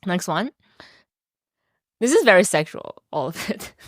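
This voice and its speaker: A woman's voice: fairly low pitch, big pitch swings, unhurried, dry recording, studio quality. A woman hosting a podcast quiz, chatting casually and laughing often as a playful quizmaster. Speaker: podcast host running a quote quiz.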